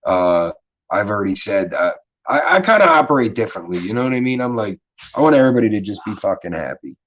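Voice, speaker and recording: A man's voice: on the low side, big pitch swings, fast, a bit bright, lo-fi sound. A man with a Philadelphia accent hosting a casual livestream chat, rambling and swearing freely in a laid-back way. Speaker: livestream host.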